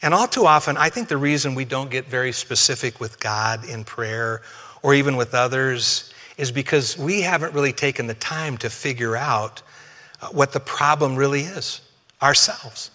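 A man's voice: mid-range voice, moderate pace, bright, forceful tone, long reverb tail. A male pastor preaches a conversational sermon with humor and speaks directly to his congregation.

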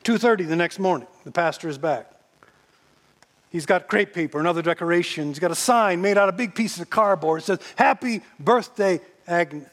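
A man telling a story in a sermon, animated and often repeating words. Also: high-pitched, normal speed, long reverb tail.

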